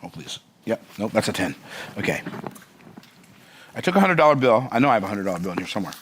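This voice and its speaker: A man's voice: on the low side, fast talker, slight background noise. A man who is a business coach, telling a story in a motivational speech and acting out the other people in it. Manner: animated, acts out the other people in his story.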